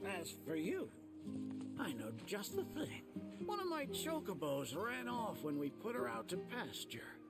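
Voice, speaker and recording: An actor playing a gruff, folksy old male chocobo rancher in a video game, with a gravelly voice and old-timer sayings. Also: high voice, huge pitch swings, unhurried, full character voice. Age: older. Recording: game dialogue over loud music. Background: game music.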